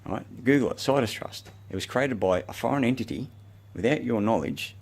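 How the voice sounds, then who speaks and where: A man's voice: mid-range voice, lively intonation, a little fast, vocal fry. An Australian man delivering a rambling, agitated, swear-laden monologue to the camera. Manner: profane, agitated, rambling ranting. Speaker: self-recorded speaker.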